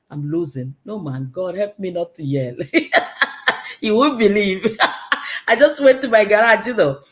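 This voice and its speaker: A woman's voice: on the low side, a little mellow. Earnest woman giving a faith-based pep talk. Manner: earnest, preachy and conversational. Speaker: host of an online confidence challenge.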